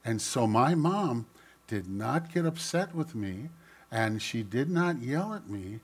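An older man, a pastor, giving a gentle storytelling children's sermon and speaking directly to the kids. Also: mid-range voice, very animated, slow, husky.

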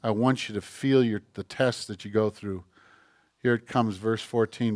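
A middle-aged man preaching a sermon, animated and self-mocking, firing off rhetorical questions. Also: fairly low pitch, moderate pace, no room sound, studio quality. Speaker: pastor.

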